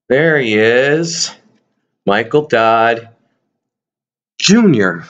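Man vlogging, jokey and rambling, lively swooping voice, dull lo-fi sound. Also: medium pitch, takes it slowly, pauses often. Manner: rambling, jokey, talks to his viewers. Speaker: toy collector vlogger. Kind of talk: casual chat to camera.

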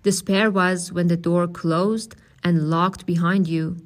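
A woman reading a novel aloud as narrator, in a measured, steady way. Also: lowish voice. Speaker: audiobook reader.

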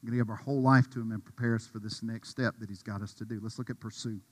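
A man preaching a sermon with passion, dropping to a hush and rising to a shout. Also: lowish voice, steady tone, rapid-fire, long reverb tail. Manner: impassioned, swings from hushed to shouting. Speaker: pastor.

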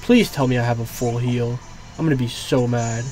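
A man's voice: medium pitch, normal speed, a little mellow. A young man giving live, reactive commentary on his own gameplay, swearing and groaning at setbacks. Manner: reactive, swearing, frustrated outbursts. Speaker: gaming YouTuber. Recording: faint game music behind.

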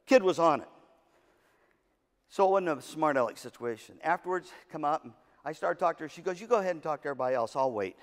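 Animated male motivational speaker in hall. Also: on the high side, fast talker. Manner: animated storyteller, acts out quotes, jokes with audience. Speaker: keynote speaker at music educators' session. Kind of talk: motivational storytelling speech. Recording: long hall reverb.

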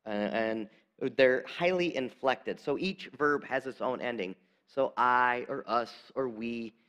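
A male pastor giving a sermon in a church, talking conversationally and dropping to soft, emphatic lines. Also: medium pitch. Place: church sanctuary.

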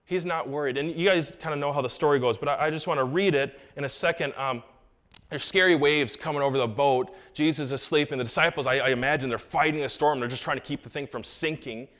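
A man preaching a sermon as pastor, animated, dropping into quiet asides and rising into loud raised lines, with jokey remarks to the congregation. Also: fairly high pitch, quick pace.

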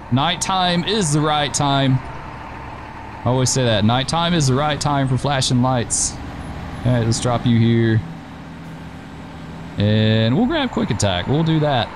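A man's voice: medium pitch, background noise. A man casually commenting while playing a driving and emergency game, chatty, laughing easily and talking back to the drivers on screen. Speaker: gameplay streamer.

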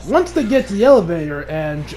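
Man, high voice, casual animated recap, laughing a lot, faint music behind. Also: a little fast. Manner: animated, laughs often, acts out characters' lines. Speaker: anime reviewer.

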